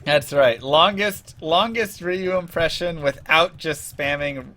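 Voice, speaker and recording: A man live-streaming a game, joking, laughing a lot and yelling when excited. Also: a little high, takes it slowly, slight background noise.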